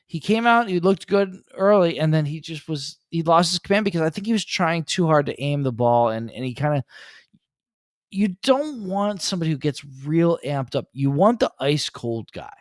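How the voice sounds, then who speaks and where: Male podcast co-host, slightly high voice, earnest casual betting talk, dry close mic. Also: lively intonation, moderate pace, no room sound. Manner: earnest analysis with frequent um and uh. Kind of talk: casual sports betting chat.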